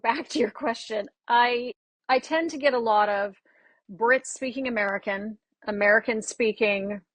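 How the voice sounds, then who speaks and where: Husky-voiced woman dialect coach. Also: on the high side, no echo. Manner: lively storyteller, acts out quoted exchanges. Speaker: dialect coach, podcast guest. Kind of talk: casual interview chat.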